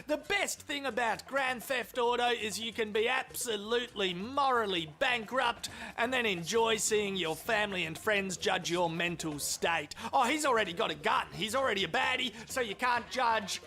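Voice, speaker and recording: A man gives crude, sarcastic mock sports commentary over video clips. His voice sits high and very bright. Faint music plays under him. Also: normal speed. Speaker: host.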